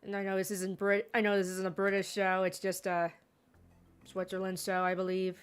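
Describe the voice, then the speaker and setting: A woman's voice: medium pitch, completely flat delivery, normal speed, smooth, soft background music. A woman giving casual gameplay commentary, rambling with sarcastic asides. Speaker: gaming streamer.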